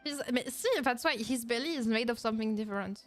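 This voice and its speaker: A young woman with a strong French accent chats on stream in a bright, high register, with faint music behind her. She is playful and mock-indignant, laughs easily and drops in French words. Her English is her second language and comes out in loose, charming phrasing. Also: fast talker, no room sound. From France. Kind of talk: casual react-stream chat.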